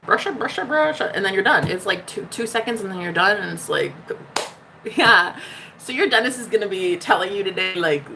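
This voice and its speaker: A woman's voice: medium pitch, lively intonation, a little fast, creaky, background noise. A woman hosting a casual spiritual livestream, reading out chat messages with a bubbly, teasing manner, swearing freely and laughing often. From United States.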